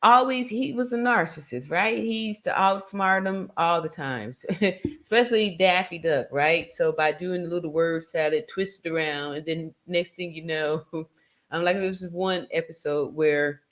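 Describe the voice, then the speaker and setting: Middle-aged woman, lower voice, casual talk-show commentator, chatty with frequent laughs. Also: moderate pace, a bit bright. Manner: chatty, laughs often, lots of rhetorical "right?". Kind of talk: casual monologue.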